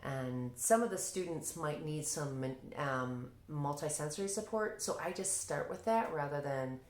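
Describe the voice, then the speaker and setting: A woman with a notably low voice explains how she teaches reading, breaking into an animated classroom tone to demonstrate prompts. The recording has the hollow echo of a bare room. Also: a little slow. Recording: echoey room.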